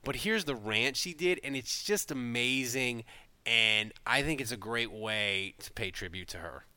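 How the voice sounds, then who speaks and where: Male podcast host, bright and clear, emotional and rambling, dry close mic. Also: mid-range voice, expressive, unhurried, dry recording. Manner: emotional, rambling, self-interrupting. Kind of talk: casual podcast chat.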